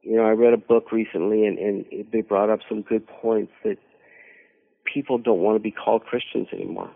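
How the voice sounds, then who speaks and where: A man telling a personal story as a guest on a radio conversation, halting and repeating words as he searches for them. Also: on the low side, steady tone, gravelly. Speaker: mission team leader, radio guest. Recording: narrow phone-like radio audio.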